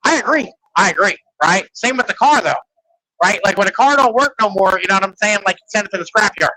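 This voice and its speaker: A man's voice: high voice, expressive, fast talker, bright, forceful tone, rough recording. A man in casual podcast chat, rambling and profane, leaning on "like" and "right?". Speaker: podcast host.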